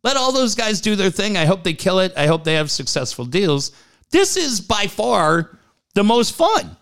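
Man, podcast co-host, blunt and profane, fairly high voice, swings up and down a lot. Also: sing-song, normal speed, vocal fry, a bit bright. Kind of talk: casual radio podcast banter.

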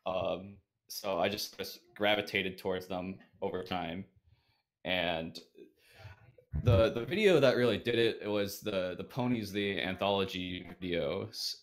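A man's voice: low-pitched, measured pace. A man being interviewed as a podcast guest, answering casually with many fillers and self-deprecating remarks.

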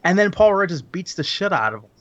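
A man's voice: sits high, very animated, fast talker, a bit bright. A man with a slightly raised voice rambles through a film plot in loose, laughing chat. The recording sounds dull and lo-fi. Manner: laughing, rambling, crude humor.

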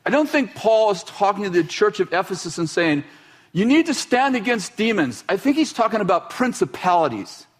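A man's voice: high-pitched, big pitch swings, normal speed. A man preaching a sermon in a loose, conversational way, acting out quoted voices as he goes. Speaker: pastor.

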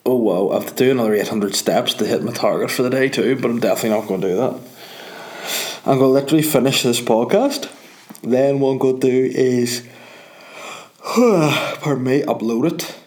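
A man's voice: mid-range voice, normal speed, pauses often, darkish tone. A man with a Northern Irish accent, a comedian hosting his podcast, rambling and joking in a sleepy late-night monologue. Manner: rambling, joking, swearing freely. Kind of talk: casual monologue.

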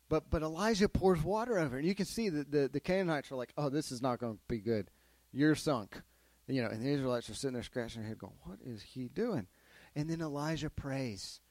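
A man leads children through a Bible lesson, pausing again and again to put questions to them. His voice sits fairly high and he tells the story with lively swings. The sound is dry and close. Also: dry recording. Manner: asks the kids questions, animated storytelling. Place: classroom with children.

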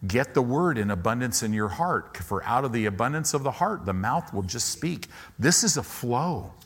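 A man preaching a sermon to a congregation in a church, acting out doubting inner voices and rising to loud commands. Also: mid-range voice. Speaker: pastor.

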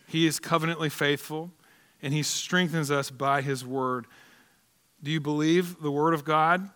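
Male pastor preaching, emphatic rhetorical repetition, high, ringing tone. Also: fairly even intonation, unhurried, a bit bright, smooth. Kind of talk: sermon.

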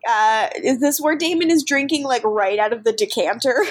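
Giggly chatty woman, slightly high. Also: normal speed, poor audio. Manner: giggly, chatty, recaps scenes with acted quotes. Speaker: podcast co-host. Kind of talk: casual TV recap chat.

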